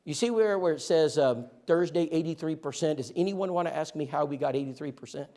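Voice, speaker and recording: A man training a church group in outreach, telling stories in a lively, joking way and speaking to listeners directly. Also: on the high side, brisk. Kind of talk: animated storytelling talk to a church group.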